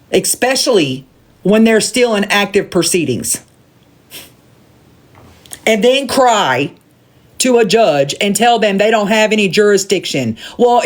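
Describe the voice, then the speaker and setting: Southern woman going off on a livestream, cussing a lot, blunt, says stuff twice, phone mic. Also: medium pitch. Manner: profane, blunt, repeats points for emphasis. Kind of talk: heated livestream rant.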